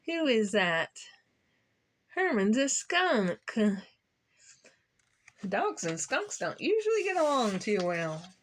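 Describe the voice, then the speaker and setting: Slow, playful woman reading a picture book. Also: on the high side, big pitch swings. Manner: warm, playful, asks listeners questions. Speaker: children's story reader.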